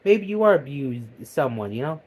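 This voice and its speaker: A man rants in a comic monologue, his voice sitting a little higher than usual. He curses freely and lurches from loud outbursts to low, sullen mutters. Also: big pitch swings, normal speed. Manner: profane, heated, swinging between loud outbursts and low mutters. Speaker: vlogger. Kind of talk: comedic ranting monologue.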